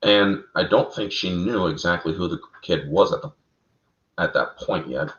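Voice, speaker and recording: A man with a fairly low voice tells story lore in an animated, chatty way and keeps calling his listeners "folks". The sound is roomy and a little dull, like a lo-fi home stream. It is casual talk among fans. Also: normal speed. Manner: animated, addresses listeners as folks, laughs at own slips. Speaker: co-host of a fan lore talk show.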